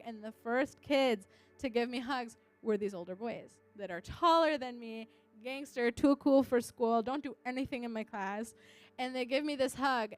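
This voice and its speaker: A woman's voice: on the high side, clear, resonant tone, no echo. A young woman, an English teacher, earnestly sharing a personal testimony and acting out what people said. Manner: earnest storytelling, acting out quotes.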